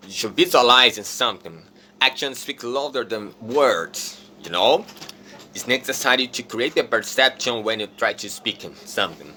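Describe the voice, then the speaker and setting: Bright-voiced man teaching phrases. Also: mid-range voice, animated, a little hiss or hum. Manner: repeats example phrases slowly and deliberately. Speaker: English teacher. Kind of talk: casual video lesson.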